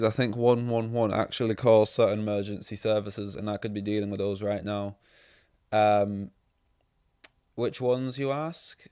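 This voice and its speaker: Low-voiced young guy ranting on his own podcast, swears a lot, dead dry mic. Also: darkish tone, clean tone, no echo. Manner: sweary, sarcastic, rambling. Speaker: podcast host. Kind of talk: casual solo podcast monologue.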